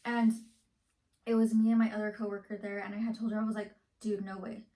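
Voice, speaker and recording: A woman's voice: mid-range voice, little pitch movement, brisk, mellow. Rambling young woman, echoey room. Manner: rambling, heavy use of "like". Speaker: vlogger. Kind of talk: casual storytime.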